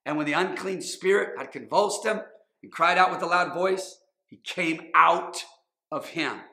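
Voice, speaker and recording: A man's voice: on the high side, unhurried, creaky, bright, forceful tone. A man in his thirties preaching a sermon as pastor, emphatic and repetitive, often acting out quotes. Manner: emphatic, repeats phrases, acts out quotes. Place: church sanctuary. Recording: echoey church hall.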